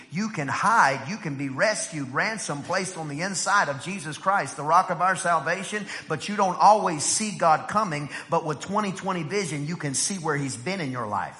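A man preaching a sermon as pastor, swinging from quiet, hushed storytelling to loud, climbing exclamations. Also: on the high side, big-room sound.

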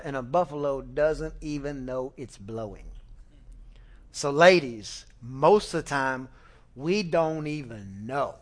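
A middle-aged man preaching a sermon in a folksy, animated way, with fillers and restarts, sometimes acting out family conversations. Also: on the high side, a little slow. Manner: acts out family dialogue with shifting voices. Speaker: pastor.

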